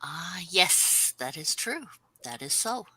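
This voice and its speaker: A woman in relaxed conversation with a lowish voice that swoops widely in pitch. She speaks very slowly, and the recording is dry and close. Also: slightly rough, dry recording. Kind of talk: casual chat.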